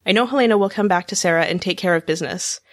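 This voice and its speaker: A woman's voice: on the low side, very fast, dry recording, studio quality. A woman co-hosting a TV discussion podcast, chatting casually and reading out listener feedback. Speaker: podcast co-host.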